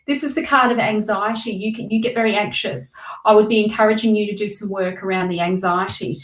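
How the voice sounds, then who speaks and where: A woman's voice: mid-range voice, fairly even intonation, fairly quick, roomy sound. A woman doing live tarot readings, chatting with viewers and giving emphatic advice. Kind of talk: casual live-stream reading.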